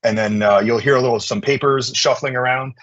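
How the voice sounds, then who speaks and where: Male presenter, husky and a bit low, dull lo-fi sound, lively filler-heavy talk. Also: a little fast. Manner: energetic, chatty, many fillers. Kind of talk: conference presentation.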